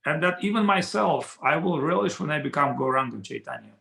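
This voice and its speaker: Gravelly man telling a sacred story. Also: on the high side, a little fast. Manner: animated storytelling, non-standard grammar. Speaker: spiritual teacher. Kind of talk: storytelling in a Q&A session. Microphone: video call. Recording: echoey room over a video call.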